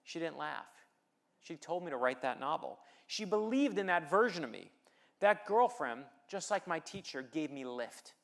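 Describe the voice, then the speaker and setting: Man, motivational speaker, fairly high voice, personal stories, light humor, rallies the crowd. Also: fairly bright tone. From United States. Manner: personal storytelling with light humor, rallying the audience. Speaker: keynote speaker and novelist. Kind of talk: motivational speech.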